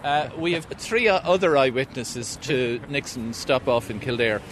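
A man's voice: medium pitch, normal speed, a bit bright. A man in his fifties with an Irish accent, hosting an outdoor interview and chatting with many restarts. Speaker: host. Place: outdoors in a town square. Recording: outdoor street noise.

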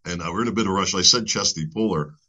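A man's voice: low voice, quick pace, bright, forceful tone, slightly rough. A man interviewing a guest, asking casual, earnest questions with frequent fillers.

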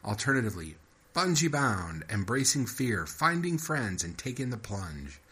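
A man's voice: medium pitch, sing-song, moderate pace, sharp tone, husky. A man hosting his own podcast, reading short fiction aloud and then chatting in a rambling, repetitive way. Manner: rambling, self-interrupting, repeats himself. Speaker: podcast host and fiction writer.

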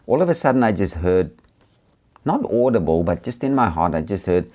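Deep-voiced South African preacher. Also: male voice, lively intonation, normal speed. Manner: earnest, gentle, with many hesitations. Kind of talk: personal testimony talk.

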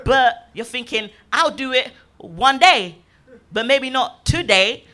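A woman's voice: sits high, takes it slowly. A woman, chatting casually in front of a live audience and acting out voices as she tells stories. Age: 20s. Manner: animated storyteller, acts out voices with big laughs.

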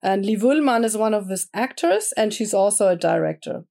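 A woman answers interview questions at an unhurried, thoughtful pace. Her voice is warm and mellow, never bright. She often stops to search for the right word. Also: mid-range voice, lively intonation, gravelly. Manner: thoughtful, searching for words, frequent fillers. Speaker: interview guest, comic artist and painter. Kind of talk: casual interview conversation.

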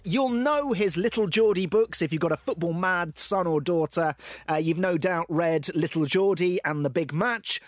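A man's voice: high voice, no room sound. A man co-hosting a comedic radio breakfast show with a theatrical presenter delivery.

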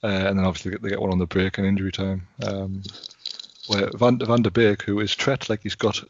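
A man's voice: on the low side, little pitch movement, a little fast, slight background noise. A man talking football on a podcast, wry and rambling, often restarting his sentences. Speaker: podcast pundit. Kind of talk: casual football chat. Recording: muffled lo-fi audio.

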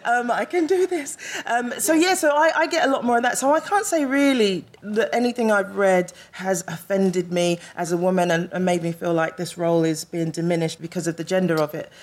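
A woman actor chatting casually as a guest on a live podcast, telling animated stories and laughing often. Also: mid-range voice, fairly quick, few pauses.

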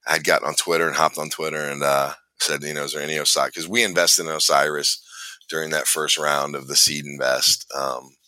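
A man's voice: extremely low pitch, little pitch movement, fairly quick, pushed and bright, clear, resonant tone, no room sound. A middle-aged man telling a long personal story in casual conversation, rambling and acting out what people said, with lots of fillers. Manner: rambling, re-enacts dialogue with fillers. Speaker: guest storyteller.

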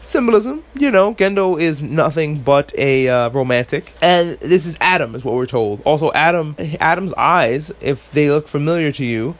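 A man's voice: on the high side, expressive, normal speed, hardly any pauses, muffled recording. A man hosting a casual podcast recap, talking with animation, swearing freely and tossing in sarcastic asides. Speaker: podcast host.

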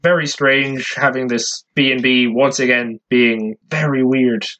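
A man's voice: mid-range voice, steady tone, a little slow, a bit bright, muffled recording. A young Irish man co-hosting a podcast, talking bluntly and jokingly and swearing casually. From Ireland. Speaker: podcast co-host.

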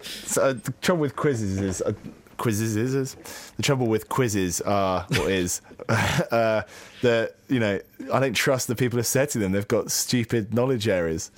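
A man's voice: lowish voice, moderate pace, hardly any pauses, no echo. A man from Guernsey co-hosting a podcast, chatting in a rambling, jokey way that keeps correcting itself. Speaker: podcast co-host. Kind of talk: casual chat.

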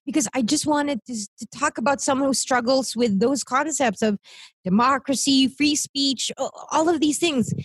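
Emotional Filipina woman, high voice. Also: moderate pace, husky, dry recording. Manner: earnest, emotional and tearful, laughing often. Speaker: podcast co-host. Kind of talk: casual chat mixing English and Tagalog. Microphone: video call.

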